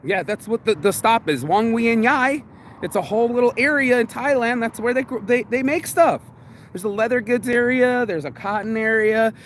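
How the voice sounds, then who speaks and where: A man in his forties delivers a pumped-up motivational rant. His voice sits high for a man and is full of swearing and slang. Faint street and car noise hangs in the background. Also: normal speed, a bit bright. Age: 40s. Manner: crude, pumped-up, slangy, acts out inner voices. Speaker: podcast host. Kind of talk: motivational monologue.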